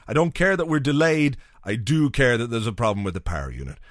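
A man's voice: medium pitch, lively intonation, fast talker, a bit bright, no echo, studio quality. A man hosting a podcast, telling a rambling, profane, wry story in a casual solo monologue. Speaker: podcast host.

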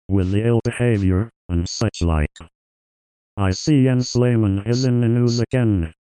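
A man delivering an absurd, crude comic monologue in a flat, deadpan manner. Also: lowish voice, clear, resonant tone, no room sound, lightly acted, poor audio. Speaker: comedy sketch guest.

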